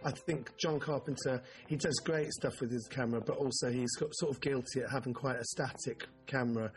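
A man's voice: mid-range voice, fairly even intonation, a little fast. Rambling male podcast host. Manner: rambling, self-interrupting, swears. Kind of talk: casual film chat.

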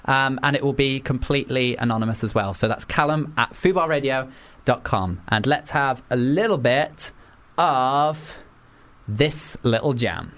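A man hosting a casual radio chat show, chatty and quick to laugh. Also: mid-range voice, fairly bright tone. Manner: chatty, giggly, jumps in often. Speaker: radio host.

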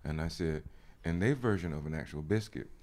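Lively low-voiced man, laughing storyteller. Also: a little fast. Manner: animated storyteller, laughs often. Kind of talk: casual chat.

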